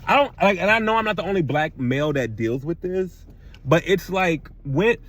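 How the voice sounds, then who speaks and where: A man's voice: on the high side, lively intonation, moderate pace, a bit bright. Fired-up man ranting, swearing, repeating himself. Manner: heated, emphatic, swears often, repeats words when worked up. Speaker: temp worker telling a story. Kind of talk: angry storytime vlog rant.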